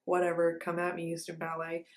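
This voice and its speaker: A woman's voice: fairly low pitch, a little fast, slight background noise. Chatty woman in an echoey room. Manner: animated, chatty, lots of fillers. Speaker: ballet dancer and vlogger. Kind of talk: casual storytelling.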